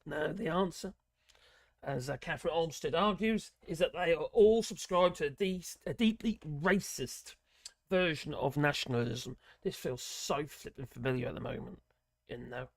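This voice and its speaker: A man with a somewhat high voice reads an article aloud, stumbling over words and filling gaps with many ums. He breaks off for sarcastic asides as a political channel host. The sound is dry and close. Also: gravelly, dry recording. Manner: halting reading, many fillers, sarcastic asides. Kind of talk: reading an article aloud with commentary.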